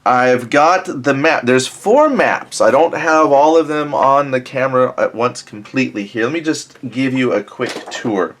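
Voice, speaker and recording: A man's voice: medium pitch, animated, a little slow, hardly any pauses, a bit bright. Chatty man walking through a board game. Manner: chatty, thinking aloud with many self-corrections. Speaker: board game let's-play host. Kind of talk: casual tabletop game walkthrough.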